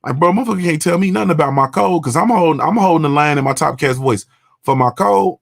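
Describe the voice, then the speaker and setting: A man's voice: on the high side, fast talker, gravelly, dry recording, studio quality. A man, hosting a morning show and talking bluntly and profanely in a casual monologue. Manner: blunt, profane, repeats "you understand what I'm saying".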